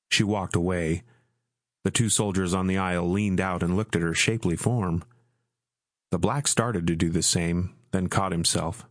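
A man narrating an audiobook in a measured, even reading. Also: sits low, dry recording, clean studio sound.

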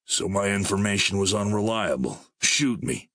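Sheepish young male drifter, mild and subdued, low, dry and close , read by a male narrator. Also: animated, moderate pace, fairly bright tone, no room sound.

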